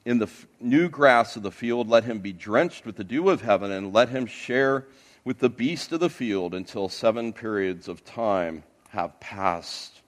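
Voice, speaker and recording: A man preaches an expository sermon to his church congregation. He speaks earnestly at a middle pitch, with frequent uh and restarts along the way. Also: expressive, moderate pace. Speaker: pastor.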